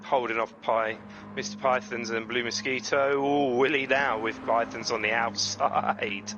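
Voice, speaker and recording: A man commentating on an online sim racing league in a chatty, self-deprecating way, often breaking into excited exclamations. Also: mid-range voice, measured pace, muffled recording, noisy background. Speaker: race commentator.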